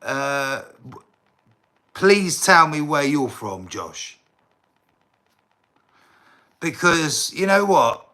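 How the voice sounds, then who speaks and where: A man's voice: on the high side, animated, very slow, pauses often, sharp tone. An English man on a casual livestream, rambling and talking straight to his chat viewers, now and then flaring up in indignant bursts.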